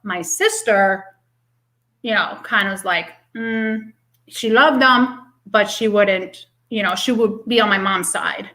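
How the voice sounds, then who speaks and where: A woman's voice: mid-range voice, slow, bright, forceful tone, poor audio. A middle-aged woman in casual podcast chat, candidly telling stories with quoted back-and-forth dialogue.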